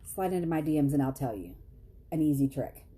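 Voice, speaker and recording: A chatty woman talks straight to her viewers. She laughs at herself as she tells a story. Her voice is low, dark and a little husky. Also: expressive, fairly quick. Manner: chatty, self-deprecating, laughs often, quotes others in high voices. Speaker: vlogger.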